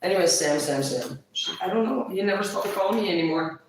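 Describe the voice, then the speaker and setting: A woman chatting casually on a livestream, blunt and profane, quick to laugh. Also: mid-range voice, animated, recorded from a distance, heavy background noise. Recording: very echoey room, voice off-mic.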